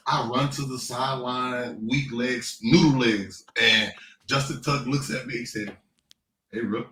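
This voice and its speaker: A man in his thirties, a former pro football player, telling lively stories with laughs and playful trash talk in a casual interview. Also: mid-range voice, a little slow. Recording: echoey room, distant mic, faint noise.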